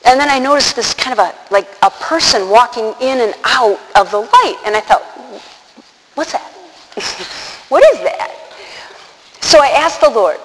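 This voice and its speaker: A woman telling a personal story to an audience, animated, acting out the quotes and laughing often. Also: fairly high pitch, brisk, hardly any pauses. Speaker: religious speaker. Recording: long hall reverb, faint noise.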